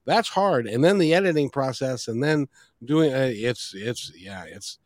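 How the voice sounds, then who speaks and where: A man's voice: mid-range voice, lively intonation, measured pace, no echo, studio quality. A man hosting a podcast interview, friendly and praising, repeatedly urging listeners to get his guest's book. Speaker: podcast host.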